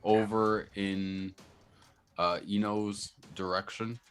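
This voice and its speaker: A man's voice: on the low side, flat delivery, slow, fairly bright tone, clean tone, soft background music. A man playing a tabletop game in casual chat, hesitant and repeating his words. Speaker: player.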